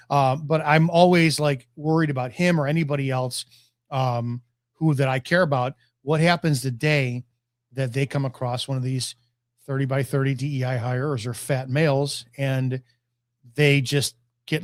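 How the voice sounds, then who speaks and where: A man's voice: a little high, steady tone, normal speed, no room sound, studio quality. A man in his forties, a podcast guest telling blunt, profane stories in casual chat.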